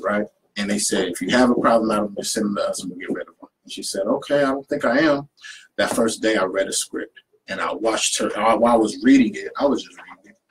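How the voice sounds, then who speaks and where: A young man with a low voice tells stories in a relaxed conversation, jumping into other people's voices as he quotes them. There's a faint hum of noise behind him. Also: low-quality recording. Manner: animated storyteller who acts out quotes. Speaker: poet and youth program leader. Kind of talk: casual conversation, storytelling.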